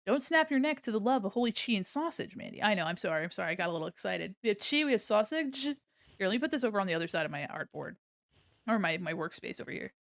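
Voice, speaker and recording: A woman's voice: mid-range voice, expressive, fast talker, creaky, no echo. Woman streamer, casual and silly, laughs a lot, dry close mic. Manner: giggly, silly, rambling. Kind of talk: casual livestream chat while drawing.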